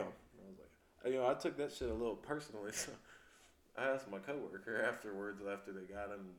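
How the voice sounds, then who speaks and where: A man's voice: lowish voice, fairly quick, noisy background. A man co-hosting a casual podcast, telling his police stories in a laid-back, profane way and laughing along the way. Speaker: podcast co-host, police officer. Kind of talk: casual storytelling chat. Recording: echoey room.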